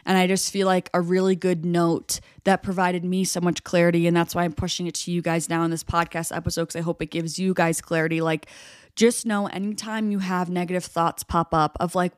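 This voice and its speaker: A young woman speaks earnestly in a reflective solo podcast, her voice smooth and resonant and pitched a little low. She leans on casual "like" fillers. The sound is close and dry, with no room around it. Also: fairly even intonation, normal speed, no echo. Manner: earnest, heavy use of "like" fillers. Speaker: podcast host.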